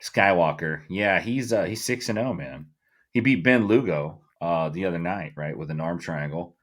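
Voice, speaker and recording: A man's voice: low-pitched, moderate pace. A middle-aged man co-hosting a podcast in loose, profane casual chat, full of fillers. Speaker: podcast co-host.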